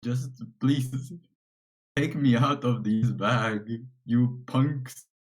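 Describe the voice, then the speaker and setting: A man plays a tiny talking bat, cranky and proud, who drags out every word in an even middle-pitched voice. He scolds his captors like rude youngsters. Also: slightly rough, poor audio. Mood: indignant. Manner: slow, indignant, scolding.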